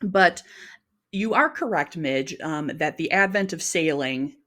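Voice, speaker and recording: A woman's voice: low-pitched, lively intonation, a little slow, sharp tone. A woman co-hosting a podcast, talking through her research in a loose, chatty way with many "um"s and "like"s and frequent laughter. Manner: chatty, lots of "um" and "like", laughs often; tells the research. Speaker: podcast co-host. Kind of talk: casual chat.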